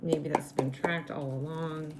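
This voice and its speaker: A woman reading tarot cards in a slow, musing way, her voice going raspy as she loses it. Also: low voice, fairly even intonation, heavy background noise. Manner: slow, musing, repeats herself. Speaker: tarot reader.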